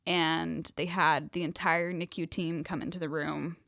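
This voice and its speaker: A woman's voice: sits low, level tone, measured pace, creaky, fairly bright tone, no echo, studio quality. A young woman co-hosting a podcast, telling a personal story in casual chat with many fillers and emotion. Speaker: podcast co-host.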